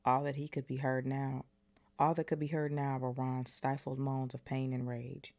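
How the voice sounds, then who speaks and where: A woman's voice: very deep voice, little pitch movement, moderate pace, darkish tone. A woman hosting a podcast, casually reading a novel aloud and breaking off for joking asides. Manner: chatty, joking asides between passages.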